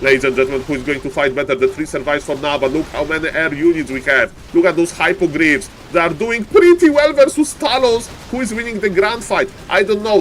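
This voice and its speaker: A man casting a live strategy game, excitable, repeating phrases and yelling advice at the players in non-native English. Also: very high-pitched, slight background noise. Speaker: esports caster.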